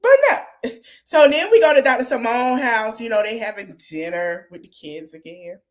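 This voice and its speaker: Animated woman recapping reality TV. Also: on the high side, moderate pace. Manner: animated, laughs often, mimics cast members' lines. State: getting over a cold, coughing. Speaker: podcast host.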